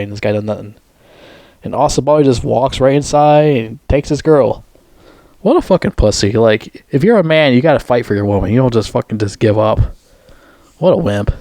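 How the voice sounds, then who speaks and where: A man giving a heated, profane movie review. He rambles with many restarts, and his voice jumps higher when he gets outraged. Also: darkish tone, no echo, clean studio sound.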